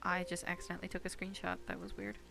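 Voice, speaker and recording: A woman's voice: lowish voice, monotone, quick pace, creaky. A woman streamer chatting playfully to herself as she plays a game, giggling often. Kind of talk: casual gameplay commentary. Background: soft game music.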